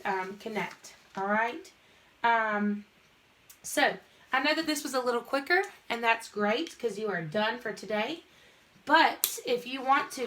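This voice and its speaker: A woman's voice: a little high, sharp tone. A young woman teaching an online phonics lesson, patiently walking through each word step by step.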